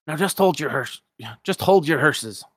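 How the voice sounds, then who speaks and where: A man's voice: fairly high pitch, lively intonation, normal speed, no room sound, clean studio sound, voice pushed up. A man voicing a stingy old Scottish cartoon duck millionaire, with a folksy brogue full of "ye" and "laddie". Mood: wheedling, chummy.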